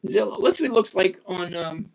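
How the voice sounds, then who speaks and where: A man in his sixties runs a live stock-trading stream, his voice sitting notably high for a man. He talks bluntly and with emphasis, slowing down to repeat the points he wants to stick. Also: animated, vocal fry. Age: 60s. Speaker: livestream host.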